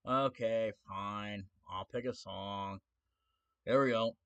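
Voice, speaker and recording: A man's voice: lowish voice, takes it slowly, fairly bright tone. A man ranting on his own stream in a casual way, sarcastic, defiant and mocking.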